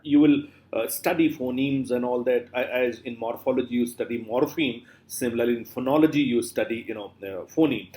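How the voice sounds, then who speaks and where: A middle-aged man giving a classroom lecture, slowly repeating words to drill their pronunciation, with many fillers. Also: medium pitch, mellow. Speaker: literature lecturer.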